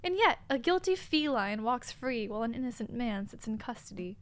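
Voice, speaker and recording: A woman's voice: on the high side, expressive, brisk, natural voice. Gloomy male bird detective from a game, deflated; a woman reads him. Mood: dejected.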